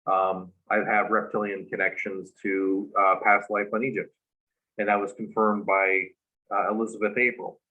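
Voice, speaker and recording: A man, a guest, casually telling a long story, animated and full of fillers. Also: fairly low pitch, moderate pace. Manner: animated retelling with many fillers. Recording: dull lo-fi recording.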